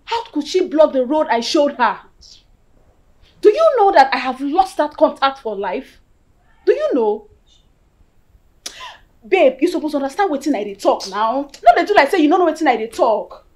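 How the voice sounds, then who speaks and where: A Nigerian actress playing a jealous young woman who feels betrayed, shouting accusations and slipping into Pidgin. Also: high voice, big pitch swings, moderate pace, long pauses. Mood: furious. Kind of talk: film acting.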